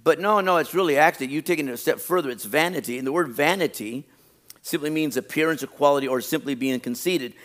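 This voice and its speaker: A man's voice: a little high, a bit bright. A pastor preaching a sermon, repeating his phrases and stressing them with rising emphasis. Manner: reads a list slowly and deliberately.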